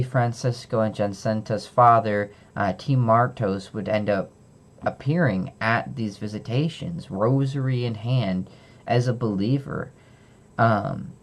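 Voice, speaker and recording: A young man summarizes a book in a loose, unscripted way, pausing with fillers and correcting himself as he goes. His voice sits fairly low and has a gravelly, creaky edge. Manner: casual, loose retelling with fillers and self-corrections. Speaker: book reviewer.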